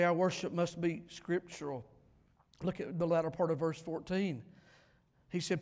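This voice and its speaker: A man preaching a revival sermon in a church, emphatic, swinging between loud declarations and quiet asides. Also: on the high side. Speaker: pastor. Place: church sanctuary. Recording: long hall reverb in a church.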